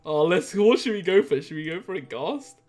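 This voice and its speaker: A male YouTuber giving excitable gameplay commentary, giggling and laughing often. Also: sits high, a little fast, soft background music.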